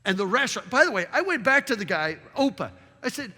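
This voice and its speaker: Man, high pitch, animated talk, rhetorical questions, hall echo. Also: fast, few pauses. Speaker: town marketing consultant. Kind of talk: public presentation with slides. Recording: long reverb of a large hall.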